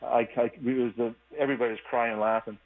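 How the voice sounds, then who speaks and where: A former hockey player calling in as a radio guest, telling stories in a relaxed, easygoing way with lots of fillers. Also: male voice, mid-range voice, fast. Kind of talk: casual phone interview. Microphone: phone line. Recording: tinny phone line.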